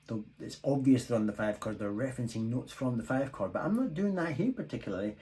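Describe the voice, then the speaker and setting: A man's voice: mid-range voice, lively intonation, quick pace, rough recording. A man giving a casual guitar lesson, thinking aloud and joking about his own playing, recorded on a phone. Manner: chatty, thinking aloud, self-deprecating. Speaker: guitar teacher. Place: home room, guitar played between phrases. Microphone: phone mic. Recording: loud electric guitar and drum loop behind.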